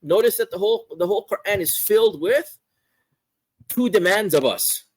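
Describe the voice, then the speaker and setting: A man teaching a religious course, explaining a text in an unhurried lecture and often repeating phrases and asking "right?". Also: high-pitched, lively intonation, a little mellow, dry recording, poor audio. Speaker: Islamic scholar teaching a course.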